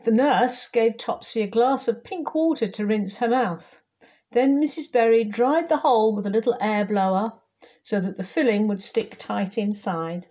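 A woman volunteer reading a children's picture book aloud, lively and talking straight to young listeners. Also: on the high side, moderate pace. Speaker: volunteer storybook reader.

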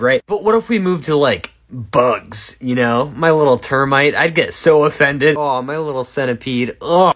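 Sarcastic young man ranting jokingly. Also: mid-range voice. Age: 20s. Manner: sarcastic, rambling, jumps between loud outbursts and mutters. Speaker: comedy creator. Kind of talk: casual comedic monologue.

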